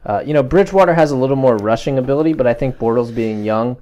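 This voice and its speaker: Guy hosting a sports podcast, smooth clear voice, lots of uhs, easygoing plug-reading. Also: mid-range voice, fast talker, mellow. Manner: chatty, many fillers, reads off plugs. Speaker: podcast host. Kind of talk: casual sports podcast chat.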